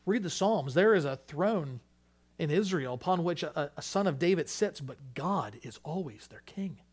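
A man preaching a sermon, stressing his points by repeating phrases and moving between loud, urgent peaks and quiet, hushed drops. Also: fairly high pitch, lively intonation, normal speed. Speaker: pastor.

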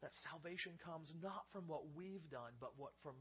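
A man preaching a sermon, building to loud emphatic peaks and dropping to soft hushed passages, with frequent repeated words at the start of phrases. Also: a little high, normal speed, breathy edge, muffled recording. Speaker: pastor.

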